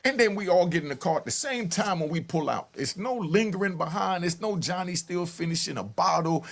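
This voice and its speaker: A man giving a lively storytelling commentary, acting out calls and yells. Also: high voice, fairly quick, creaky. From New York. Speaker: commentary host. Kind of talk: animated street-talk commentary.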